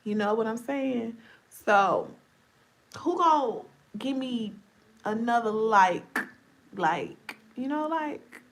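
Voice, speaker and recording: A woman's voice: a little high, very animated, slow pace. Sleepy, chatty woman live-streamer. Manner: chatty, playful, talks straight to viewers. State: sleepy, voice going deep and scratchy. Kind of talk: casual live-stream chat.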